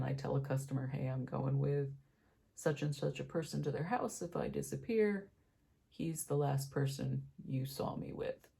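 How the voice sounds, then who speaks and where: A young woman tells a long personal story while she does her makeup on camera, and she slips into the voices of the people in it. Her voice is gravelly and husky, with a dark, mellow tone. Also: rumbling low. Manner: animated storyteller, acts out quoted voices. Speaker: beauty vlogger.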